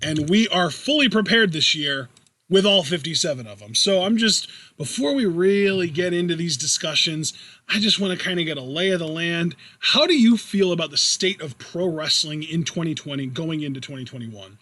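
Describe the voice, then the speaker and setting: Bright-voiced man co-hosting a podcast. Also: a little high, lively intonation, moderate pace. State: saving his voice. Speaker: podcast co-host. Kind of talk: casual podcast chat.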